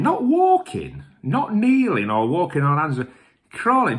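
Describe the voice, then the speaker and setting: A middle-aged man, a little tipsy, rambling through jokey stories and swearing mildly in nearly every sentence. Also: mid-range voice. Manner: animated, jokey and self-mocking. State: tipsy from drinking whisky. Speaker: whisky reviewer and vlog host. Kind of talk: rambling casual storytelling.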